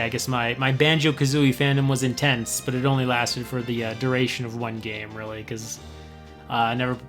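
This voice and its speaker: Halting man reading and chatting. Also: mid-range voice, fairly bright tone. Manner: halting, many fillers, self-mocking. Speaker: video host. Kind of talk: reading aloud and commenting.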